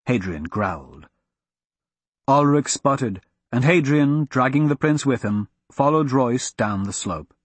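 A man narrating a fantasy audiobook in a steady, measured storytelling manner. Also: mid-range voice, breathy edge, no echo.

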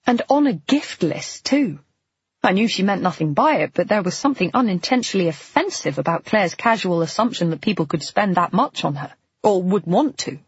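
A man narrates in a wry, steady first-person storytelling manner. His voice is a little husky, and the recording sounds dull and dry. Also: sits high, fairly quick, no room sound.

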